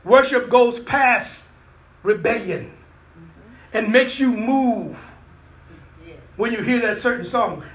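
A male preacher delivering a sermon, telling stories animatedly and acting out voices. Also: extremely high pitch. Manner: animated storytelling, acts out voices, laughs often.

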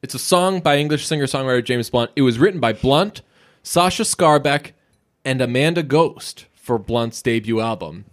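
A man's voice: medium pitch, animated, moderate pace. A man co-hosting a podcast in casual chat, rambling and profane, often laughing. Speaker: podcast co-host.

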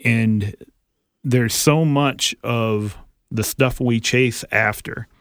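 A man's voice: medium pitch, extremely slow, a bit bright, no room sound, studio quality. A man co-hosting a faith podcast, speaking in an encouraging, preacherly way. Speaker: podcast co-host. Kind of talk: casual faith podcast chat.

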